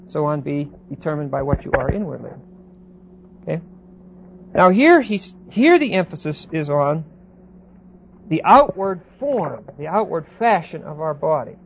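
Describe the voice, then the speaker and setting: A man lecturing a Bible class, pausing and repeating words and often checking that students follow. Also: on the high side, slightly rough. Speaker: Bible teacher. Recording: dull lo-fi recording with faint hiss.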